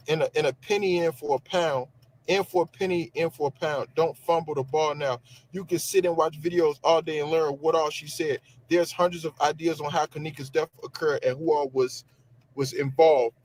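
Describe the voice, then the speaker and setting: A man talking in a casual live-stream rant, slangy and animated, repeating himself and swearing. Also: on the high side, moderate pace, a little hiss or hum, low-quality recording. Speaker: social media commentator.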